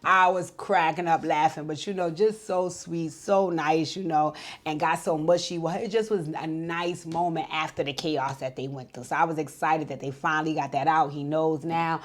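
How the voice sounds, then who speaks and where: A woman with a slightly low voice talks through a reality show episode in a loose, chatty way. She retells scenes with lively back-and-forth quotes and fillers, like she's catching up a friend. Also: moderate pace, few pauses. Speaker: TV show reviewer. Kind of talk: casual show recap.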